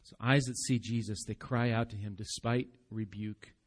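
A man preaching a live church sermon, animated, acting out voices in the story and dropping soft for emphasis. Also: on the low side, moderate pace. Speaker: pastor.

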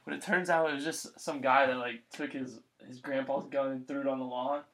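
This young man hosts a casual chat at a brisk clip, his voice sitting at medium pitch. He's an animated storyteller, acting out plenty of quotes as he goes.

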